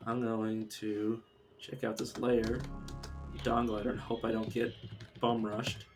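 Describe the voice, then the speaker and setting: A man's voice: on the low side, flat delivery, takes it slowly, faint music behind. A man streaming a game live, talking casually and thinking aloud as he plays. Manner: muttering and thinking aloud while playing. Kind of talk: casual live gameplay commentary.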